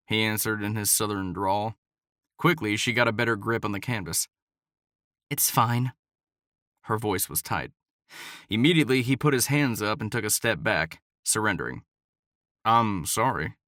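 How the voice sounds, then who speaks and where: A male audiobook narrator reads a contemporary romance in a steady, even storytelling manner. His voice sits on the low side. The recording is close and dry, with no room sound. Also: dry recording. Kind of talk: scripted narration.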